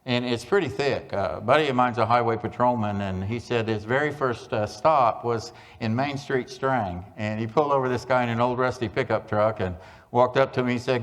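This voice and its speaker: A man gives a humorous keynote at a conference, spinning small-town jokes with deadpan timing. His voice sits in a middle register. A long hall reverb trails every line from the stage mic. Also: mid-range voice, a little fast. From Oklahoma. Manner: folksy joke-telling with deadpan punchlines. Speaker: conference speaker.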